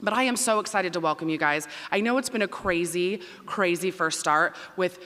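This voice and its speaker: A woman who works as a dean of students, giving a loud, emphatic welcome speech to families in a large auditorium. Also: lowish voice, moderate pace. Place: large performing arts auditorium. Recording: long reverb in a big hall.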